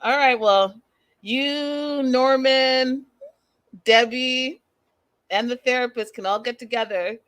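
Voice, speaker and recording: A woman's voice: sits high, slow pace, fairly bright tone, clear, resonant tone, dry recording. A woman hosting a live recap show, talking straight to her viewers in a chatty, amused way.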